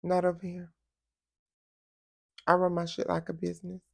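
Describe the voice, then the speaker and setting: A woman talks straight to camera as a vlog host, sassy and blunt. Her voice sits low and mellow with a gravelly fry, and she takes her time. The sound is close and dry. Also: completely flat delivery, moderate pace, no echo. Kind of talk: casual chat to camera.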